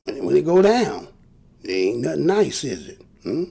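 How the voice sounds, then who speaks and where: A man's voice: fairly high pitch, very animated, normal speed, gravelly, warm tone, slightly rough. A man giving casual, preachy commentary to his viewers, often asking them rhetorical questions. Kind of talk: casual talk to camera.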